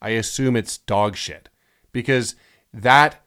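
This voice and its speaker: A man's voice: mid-range voice, slow, a bit bright, smooth. A man hosting a comedy podcast, telling stories animatedly with sarcasm and casual swearing. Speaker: podcast host.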